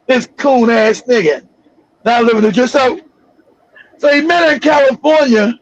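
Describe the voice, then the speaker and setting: A man hosting a livestream, telling a story in an animated, profane and laughing way. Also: very high-pitched, normal speed, dull audio. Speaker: livestream host. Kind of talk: casual storytelling.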